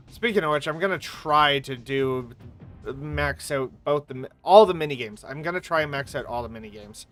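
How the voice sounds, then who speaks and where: A woman game streamer talks through her play in a chatty, rambling way, with a bright voice despite a sore throat. Her pitch swings widely as she goes, and faint music plays behind her. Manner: chatty, rambling, swears casually. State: coming down with a sore throat, coughing. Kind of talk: live gameplay commentary.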